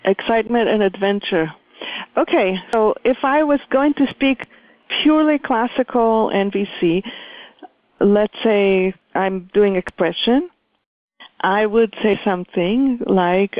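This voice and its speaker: A woman leading a communication workshop, speaking in a measured, deliberate way with many pauses. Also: medium pitch, no room sound. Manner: measured, deliberate, pausing often. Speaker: workshop facilitator. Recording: dry, phone-like line.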